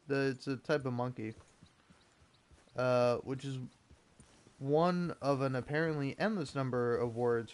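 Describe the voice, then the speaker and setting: A man's voice: mid-range voice, darkish tone. A young man giving a sarcastic, profane rant while reading an article aloud. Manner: profane, sarcastic, exasperated ranting. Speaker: gaming video creator. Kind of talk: ranting commentary reading an article.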